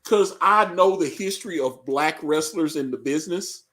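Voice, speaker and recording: A man's voice: a little high, moderate pace, fairly bright tone. A man co-hosting a casual live reaction chat, rambling and joking with frequent laughs. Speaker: podcast co-host.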